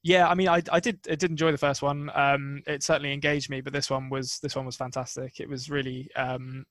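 A man's voice: medium pitch, little pitch movement, brisk, a bit bright, dry recording. A man co-hosting a casual podcast, enthusiastic and rambling, often laughing. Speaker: podcast co-host. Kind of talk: casual chat.

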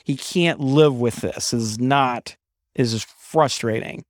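Man, podcast co-host, casual chat, emphatic, restarts a lot, mid pitch, dry close sound. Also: unhurried, dry recording. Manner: emphatic, animated storytelling with frequent restarts.

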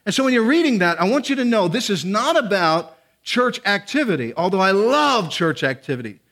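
A man preaching in a church sanctuary, his voice pitched high for a man. He talks earnestly and conversationally, stumbling and restarting phrases, then climbs into emphatic, pleading appeals to the congregation. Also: big pitch swings, fairly quick, a bit bright. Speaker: guest preacher. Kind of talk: sermon.

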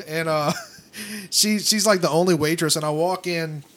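A man's voice: fairly high pitch, measured pace, a bit bright. A man from the New Orleans area co-hosting a podcast, teasing the others with crude, mocking jokes. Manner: profane, mocking. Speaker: podcast co-host. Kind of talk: crude casual banter.

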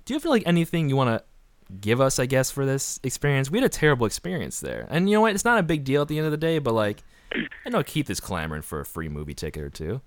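A man hosting a comedy podcast, reading a silly ad with sarcastic deadpan asides. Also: medium pitch, quick pace, no room sound. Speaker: podcast host.

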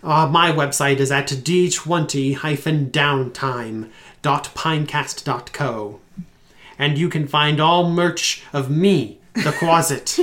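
A man voicing a tiny, mischievous male demon with a theatrical delivery that drops deeper as it gets dramatic. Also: fairly bright tone.

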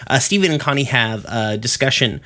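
Bright-voiced man recapping casually. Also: medium pitch, animated, brisk. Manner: rambling, profane, lots of fillers. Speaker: podcast host.

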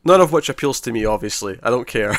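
A man, co-hosting a podcast in casual chat, retelling scenes in an animated way with many restarts. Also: medium pitch, quick pace, no echo. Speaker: podcast co-host.

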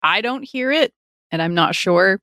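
A woman's voice: mid-range voice, lively intonation, unhurried, bright, forceful tone, no room sound, studio quality. A woman co-hosting a casual podcast, talking in a rambling way with restarts. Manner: rambling, with frequent restarts and laughs. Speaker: podcast co-host.

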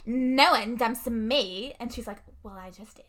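A woman's voice: a little high, a bit bright. A young woman in casual chat, co-hosting and recapping a film plot, laughing often and using lots of fillers. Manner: laughs often, quick reactions, many fillers. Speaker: podcast co-host recapping a film.

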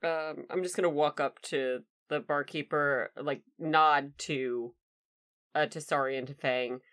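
A woman player in a tabletop game, wry and soft-spoken as she describes her character. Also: sits low, fairly even intonation, unhurried.

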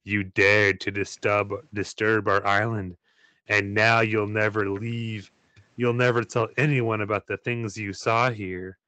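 Menacing young pirate ghost, slow and sinister, read by a man. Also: lowish voice, level tone, pushed and bright, dry recording. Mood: cold menace.

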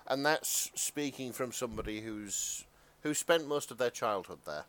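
An English man co-hosting a casual podcast chat, wry and quick with a quip. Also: mid-range voice. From England. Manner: wry, animated. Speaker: podcast co-host.

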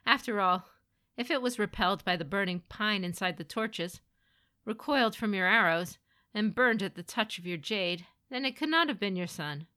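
A woman voicing a formal, commanding older man who offers brisk condolences and reasoning. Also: medium pitch, expressive, pushed and bright. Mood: persuasive.

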